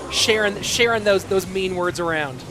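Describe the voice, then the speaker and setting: A man's voice: high-pitched, moderate pace, background noise. An American man casting a game live, chatting with viewers and answering their chat between plays. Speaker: esports commentator. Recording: music behind the voice.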